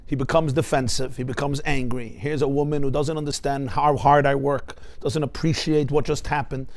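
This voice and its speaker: A man, a rabbi, teaching a class with animated stories and rhetorical questions. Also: mid-range voice, moderate pace. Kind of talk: Torah class lecture.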